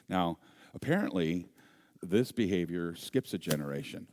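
Deep-voiced pastor telling a lively story. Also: male voice, a little slow. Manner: animated, humorous storyteller who acts out voices and sounds. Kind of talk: sermon storytelling.

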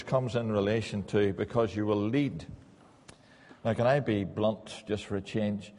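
A man's voice: lowish voice, steady tone, unhurried, darkish tone, big-room sound. A middle-aged man preaching a sermon in a church, earnest and repeating key lines for emphasis.

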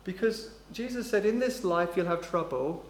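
A man with a high voice preaches forcefully, stretching out important phrases and sinking to a soft, low tone for quotations. The recording has the reverberant sound of a church hall, plus a slight hiss or hum.

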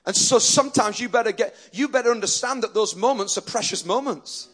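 A man's voice: high-pitched, a little fast, a bit bright, husky. A male pastor preaching a sermon earnestly and emphatically, often restarting his sentences.

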